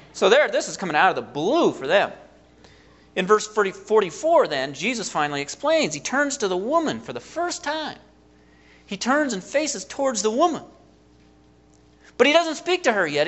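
A man preaching a sermon, retelling a story in an animated way and acting out the quotes. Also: high voice.

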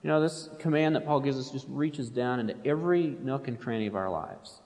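A man's voice: medium pitch, fairly quick, a little mellow. A man preaching a sermon, reading quotations aloud with rising intensity and otherwise explaining in a plain, conversational way. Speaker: pastor. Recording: long hall reverb.

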